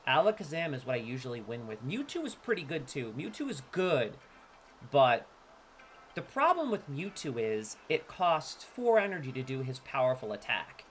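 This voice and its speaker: A man in his thirties streams himself opening card packs and chats casually to his viewers. He talks with a swaggering, trash-talking hype that drops now and then into quieter, offhand asides. His pitch swoops around a lot. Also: very animated, normal speed, a little hiss or hum.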